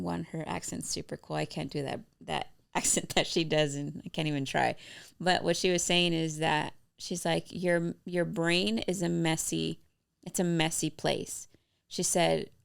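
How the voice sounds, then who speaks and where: A woman with a heavily gravelly yet smooth, resonant voice, pitched a little low. She co-hosts a casual faith-based podcast chat and talks in a rambling way, full of fillers and restarts. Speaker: podcast co-host.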